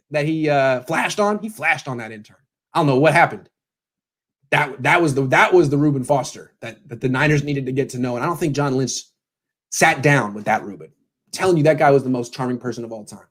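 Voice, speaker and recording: A man in his thirties hosts a casual sports show, riffing sarcastically and jumping between voices as he tells his stories. His pitch sits a touch high and swings widely as he talks. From California. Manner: sarcastic, animated storytelling with mock voices. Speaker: sports blogger and show host. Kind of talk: casual pregame commentary.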